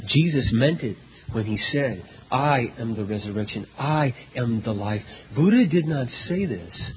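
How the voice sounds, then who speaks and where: A male pastor preaching a sermon, telling a story dramatically, with loud emphatic peaks and hushed low passages. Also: lively intonation, a little slow, husky. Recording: dull lo-fi recording in a reverberant hall.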